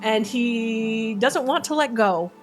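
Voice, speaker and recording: A woman's voice: fairly high pitch, takes it slowly, faint music behind. A woman running a tabletop role-playing game as game master, narrating playfully and often laughing.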